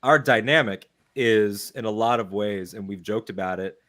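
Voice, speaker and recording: Man, co-host, lowish voice, easygoing, casual chat. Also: moderate pace. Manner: easygoing, drifts softer and quieter as he muses.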